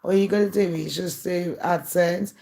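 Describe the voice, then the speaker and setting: A woman's voice: on the low side, fairly even intonation, moderate pace, gravelly, dark tone. A woman talking straight to her viewers in a candid, aggrieved monologue. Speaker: YouTuber. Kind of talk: casual monologue to camera.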